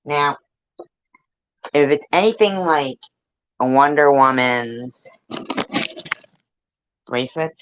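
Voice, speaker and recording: A woman's voice: low-pitched, slow, pauses often, smooth, no room sound, lo-fi sound. A woman vlogger chatting to her viewers in a rambling, jokey way, laughing at her own jokes. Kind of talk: rambling casual chat to viewers.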